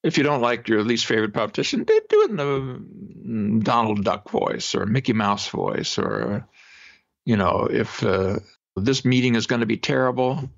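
A man, a psychologist guest on a podcast interview, explaining exercises in an animated way and demonstrating them aloud. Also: medium pitch, moderate pace, gravelly. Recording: dull lo-fi remote audio.

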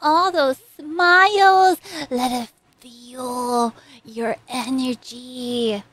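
A woman reacting to an anime, talking to the characters on screen and swinging between loud cheering and soft, sympathetic murmurs. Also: high voice, fairly even intonation, extremely slow. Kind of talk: emotional anime reaction commentary.

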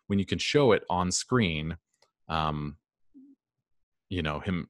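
A man's voice: low-pitched, no room sound, studio quality. A man teaching a class in a casual, rambling way, with frequent ums and restarts. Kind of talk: classroom lecture.

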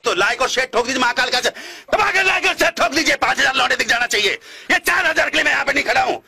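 Guy yelling super fast and pushy, raspy, piercing high voice. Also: animated. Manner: loud, rapid, pushy. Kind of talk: hyped shouting appeal to viewers.

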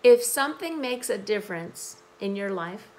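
An American woman teaching English who explains song lyrics to learners slowly and patiently, repeating key phrases, with a hoarse morning voice. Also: medium pitch, lively intonation, a little mellow, slight background noise, rough recording.

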